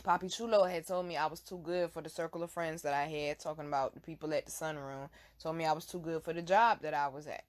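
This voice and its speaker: A young adult woman telling a casual, animated story full of laughter and profane slang. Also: low-pitched, quick pace, few pauses. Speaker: vlog host.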